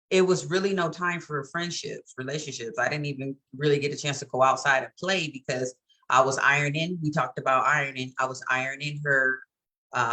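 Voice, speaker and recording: A woman's voice: extremely low pitch, pushed and bright. A woman co-hosting a casual chat, telling her story candidly and laughing often. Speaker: co-host.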